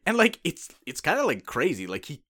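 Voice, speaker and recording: Emphatic swearing man, expressive pitch. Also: fairly quick. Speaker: podcast co-host. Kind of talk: casual chat.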